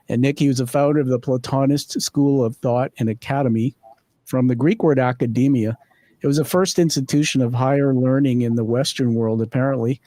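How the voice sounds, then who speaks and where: A man's voice: medium pitch, mellow, dry recording. Dry-sounding male interview host. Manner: measured, explains his segments. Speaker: podcast host. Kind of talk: structured interview introduction.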